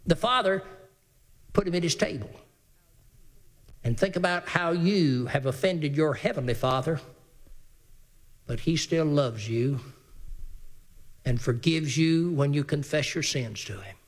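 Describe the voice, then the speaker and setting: A man preaching a sermon in an animated way, acting out the characters in the story and reading scripture in a slow, measured cadence. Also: fairly high pitch. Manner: animated preaching, acts out Bible characters' voices; reads scripture in slow King James cadence.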